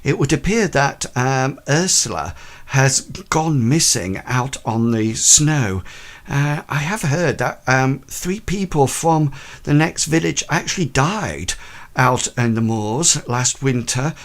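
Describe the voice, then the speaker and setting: A man's voice: mid-range voice, animated, takes it slowly. A man playing a deferential apologetic servant. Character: polite apologetic male household servant.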